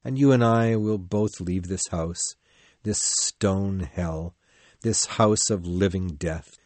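An actor playing a brooding, passionate middle-aged lover in an audio drama, speaking intensely and pleadingly. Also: male voice, low-pitched, slow, darkish tone, no echo. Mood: bitter, pleading.

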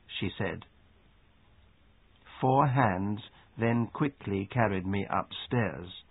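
Slow husky male reader. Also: lowish voice, dry recording. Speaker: reader of an English lesson. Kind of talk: slow read-aloud narration. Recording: dry phone-like sound.

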